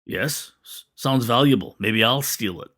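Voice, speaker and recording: A man's voice: unhurried, bright, forceful tone. A man voicing a blunt, teasing male cannery worker who talks in curt, grunting bursts. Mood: gruff. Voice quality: grunting, rumbling. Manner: curt, short sentences.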